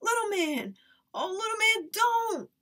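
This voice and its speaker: A woman reading aloud and voicing a bold young girl who shouts in a high, strained voice. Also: animated, unhurried, exaggerated voice. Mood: alarmed. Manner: shouting, defiant.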